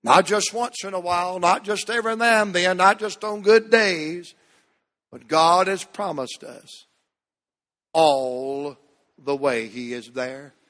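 Man, pastor, sermon, high pitch, long hall echo, emphatic drawn-out phrase endings. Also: fairly bright tone. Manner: emphatic preaching with drawn-out, dropping phrase ends. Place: church sanctuary.

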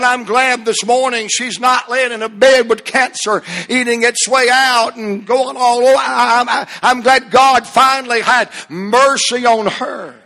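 High, bright-voiced preacher man. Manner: impassioned, emphatic preaching with slowed, drawn-out phrases and occasional shouts. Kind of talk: sermon.

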